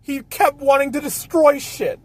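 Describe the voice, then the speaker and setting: A man's voice: very high voice, moderate pace, dry recording. A man hosting a casual film review chat, ranting and swearing a lot. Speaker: host.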